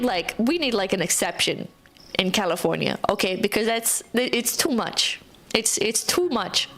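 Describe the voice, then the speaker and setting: A woman streamer talks in a slightly high voice. She tells her story in an animated, foul-mouthed rant full of "like." She breaks off now and then to read viewer messages aloud. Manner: animated, profane, ranting with frequent "like" fillers; reads viewer messages aloud between stories. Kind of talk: casual live-stream storytelling.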